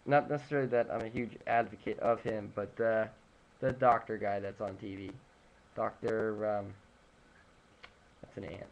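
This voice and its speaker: A man with a lowish, creaky voice speaks at a normal pace in a steady tone, pausing often, with the highs cut off in the recording. He's a nutrition presenter giving a casual lecture on food trends from a home room at sunrise, rambling through figures with lots of fillers, restarts and joking asides.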